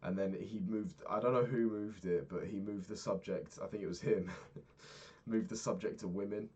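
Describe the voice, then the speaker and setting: A man's voice: on the low side, steady tone, normal speed, a little mellow, breathy edge. A young man talking through his day in a candid, rambling diary vlog, swearing freely. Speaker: vlogger.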